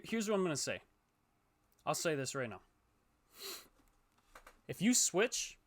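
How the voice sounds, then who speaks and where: A young man, a gaming YouTuber, ranting heatedly and profanely to his viewers, swinging between loud outbursts and low muttering. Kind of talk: ranting to camera.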